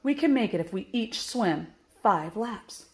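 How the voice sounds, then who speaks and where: A woman's voice: medium pitch, expressive, measured pace. Woman voicing a firm, determined shark girl. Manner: firm, encouraging.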